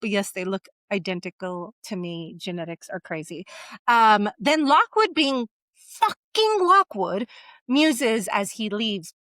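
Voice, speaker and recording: Animated woman discussing a novel. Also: mid-range voice, measured pace, no room sound. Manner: animated, acts out characters in quoted asides. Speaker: podcast co-host. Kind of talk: casual book discussion.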